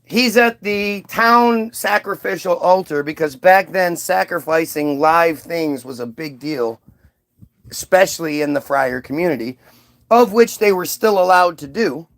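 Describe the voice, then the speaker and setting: A man with a notably high-pitched voice talks through a loose, casual monologue. He rambles, swears freely and takes a mocking tone, circling back with asides and restarts. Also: animated, measured pace, a bit bright. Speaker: commentator.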